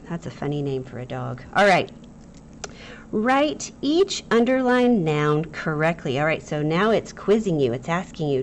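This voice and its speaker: Lively, playful woman teacher, low voice. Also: slight background noise. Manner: playful, jokey, talks straight to the pupils. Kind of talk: recorded grammar lesson for children.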